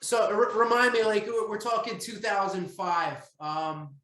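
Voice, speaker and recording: A man's voice: high-pitched, steady tone, unhurried, sharp tone, echoey room, poor audio. A man hosting a podcast interview, asking questions in a laid-back way with casual swearing and frequent laughs. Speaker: podcast host.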